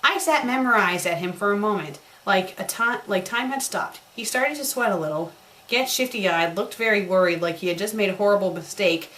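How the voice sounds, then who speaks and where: A woman's voice: mid-range voice, moderate pace, a bit bright, a little hiss or hum, poor audio. A woman doing a comedic dramatic reading of a bad fan story, breaking off for sarcastic, mocking remarks. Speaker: fanfiction critic.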